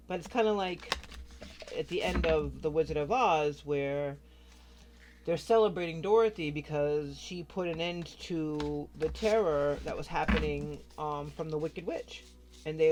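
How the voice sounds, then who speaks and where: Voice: mid-range voice, background noise. A tarot reader giving a casual card reading straight to the viewer, talking frankly and cursing freely. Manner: chatty, frank, swears freely, addresses the viewer directly.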